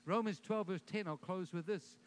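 A man preaching a sermon at a church service, telling a story and then leading the congregation in loud, rising declarations, often repeating his first words. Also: sits high, moderate pace, slight background noise. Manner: repeats words when starting sentences, builds to loud declarations. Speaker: pastor.

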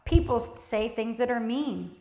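A woman preaching a sermon in a church, emphatic and lively, acting out the voices of the people she quotes. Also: on the high side, measured pace, vocal fry. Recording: echoey church hall.

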